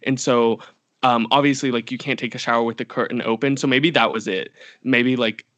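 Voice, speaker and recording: A man's voice: medium pitch, fairly even intonation, a little fast, a bit bright, dry recording. A young man co-hosting a podcast, telling a long story in casual chat with lots of fillers and restarts. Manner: rambling, many fillers and restarts. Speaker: podcast co-host.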